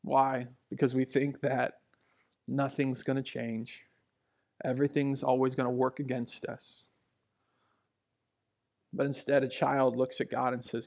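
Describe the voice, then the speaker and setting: A man in his thirties preaching a sermon in a church, telling personal stories in a conversational way, dropping to hushed asides and rising for emphasis. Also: mid-range voice, flat delivery, a little slow, vocal fry, long pauses. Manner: conversational, storytelling, swings between hushed asides and raised emphasis. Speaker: pastor. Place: church sanctuary. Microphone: handheld or stage mic.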